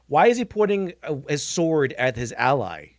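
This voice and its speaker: A man's voice: on the high side, big pitch swings, normal speed, no echo, studio quality. Mocking man streaming reaction commentary. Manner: mocking, blunt, scoffing, with abrupt restarts.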